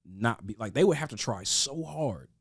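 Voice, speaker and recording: A man's voice: mid-range voice, expressive, moderate pace, slightly rough, no echo, clean studio sound. A man talking earnestly in a casual podcast discussion, often restarting his sentences. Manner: earnest, with frequent restarts and stammers.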